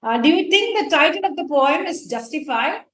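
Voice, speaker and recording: A woman's voice: high-pitched, animated, normal speed, a bit bright, echoey room, rough recording. A woman with an Indian English accent teaching a college English class, explaining poetic terms and quizzing students, with frequent fillers. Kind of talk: classroom lecture on a poem.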